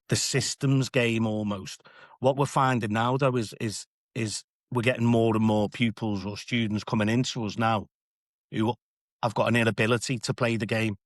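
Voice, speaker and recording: A man's voice: fairly low pitch, dry recording, clean studio sound. A man, an assistant head teacher, talking earnestly and reflectively in a podcast discussion, often restarting his phrases.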